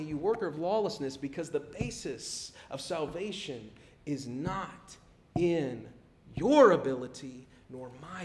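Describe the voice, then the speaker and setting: A middle-aged man preaching a sermon in a conversational way. He gets animated when he acts out people pleading. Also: medium pitch, background noise. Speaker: pastor. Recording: echoey room.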